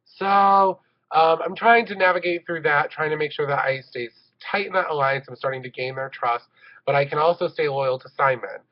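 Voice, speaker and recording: A man's voice: fairly high pitch, normal speed. A man in a game confessional, speaking cautiously about alliances, with some hesitation. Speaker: online reality game player. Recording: dull lo-fi audio.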